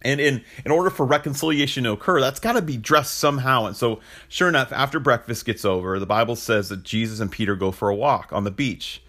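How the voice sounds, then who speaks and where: A man's voice: medium pitch, quick pace, few pauses, sharp tone. A man in his thirties hosting a podcast, telling a personal story in a candid, reflective way, often restarting his sentences. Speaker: podcast host.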